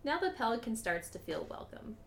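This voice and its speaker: A woman's voice: fairly high pitch, very animated, brisk. A woman co-hosting a podcast who reads her recap notes aloud in a casual way, laughing often and swearing lightly. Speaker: podcast co-host.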